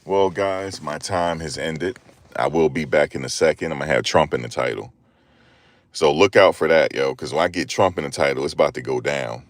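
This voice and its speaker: A man's voice: extremely low pitch, moderate pace, no echo. A man chatting casually on a live stream as a rideshare driver, laid-back and repetitive with street slang.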